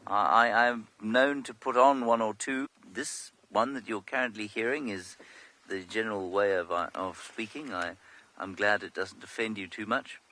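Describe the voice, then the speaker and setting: Guy doing live safari commentary, lowish voice, really bright tone, dry jokes, outdoors on a drive. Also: moderate pace. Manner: informative, dry humor. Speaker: safari guide. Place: open vehicle outdoors in the bush.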